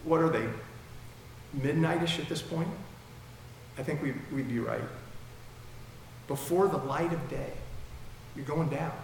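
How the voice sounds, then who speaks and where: In an echoey hall with long reverb, a male pastor preaches emphatically with a dry mouth, his loudness swinging dramatically. His gravelly voice is a little high and a little slow, broken by long pauses. There's slight background noise.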